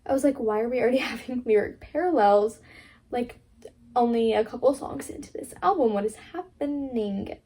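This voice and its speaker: A woman's voice: fairly high pitch, normal speed, warm tone. A young woman vlogger in casual chat who keeps quoting herself and fills her talk with "like". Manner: chatty, quotes herself often, many "like" fillers.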